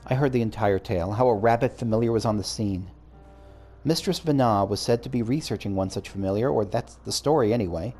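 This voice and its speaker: A man's voice: lowish voice, a little fast, warm tone, soft background music, lightly acted. Man doing a polite game scholar, formal phrasing, close to his own voice. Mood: courteous. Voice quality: formal, courteous. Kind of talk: reading game dialogue aloud.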